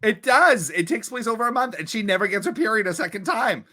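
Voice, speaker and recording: A young man from Long Island tells stories on a casual podcast. His voice sits fairly high and sounds bright, and it swings widely in pitch as he acts out his friends' lines with a lot of energy. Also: lively intonation, brisk. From Long Island, New York. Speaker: podcast co-host. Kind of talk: casual storytelling chat. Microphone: remote podcast call.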